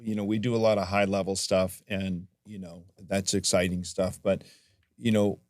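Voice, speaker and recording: A man's voice: low-pitched, level tone, normal speed, dry recording, clean studio sound. A man who owns a gymnastics gym, talking thoughtfully as a guest on a podcast with frequent fillers. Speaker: gym owner and gymnastics coach. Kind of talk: casual interview conversation.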